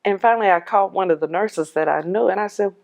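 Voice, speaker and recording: Animated woman telling her own story. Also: mid-range voice, fast talker, creaky. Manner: animated, hushes her voice when quoting others; laughs often. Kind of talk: personal testimony storytelling.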